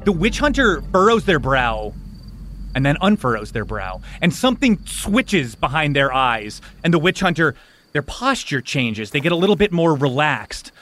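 A man's voice: a little high, sing-song, normal speed, a bit bright, soft background music. A man narrating a tabletop game as game master, describing scenes and swearing casually.

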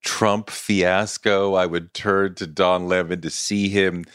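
A man's voice: sits low, little pitch movement, slow pace, a bit bright, clear, resonant tone, no echo, studio quality. A man hosting a podcast introduces his guest with earnest enthusiasm, then reads a plug for the show. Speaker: podcast host.

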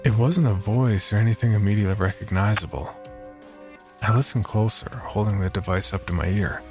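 A man reading a first-person horror story in a measured, low-key scripted narration. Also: over music.

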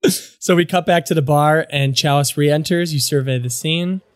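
A man's voice: a little high, normal speed, no echo. A man narrating as game master in a comedy tabletop game.

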